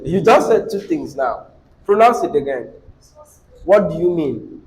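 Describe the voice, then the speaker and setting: A man with a Nigerian English accent teaching a classroom English lesson, dictating rules slowly, repeating them and quizzing students. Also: on the high side, very animated, a little hiss or hum, poor audio.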